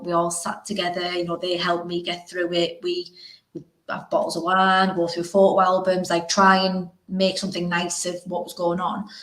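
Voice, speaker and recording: A young woman hosting a podcast, talking frankly and emotionally in a rambling, casual way. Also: on the low side. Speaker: podcast host. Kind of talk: casual conversation. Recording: roomy echo.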